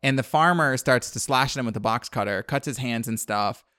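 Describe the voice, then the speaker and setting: A man casually retelling a film's plot, animated and acting out the characters' lines. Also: mid-range voice, brisk, smooth, dry recording, clean studio sound. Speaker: podcast co-host recapping a film. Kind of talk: casual chat.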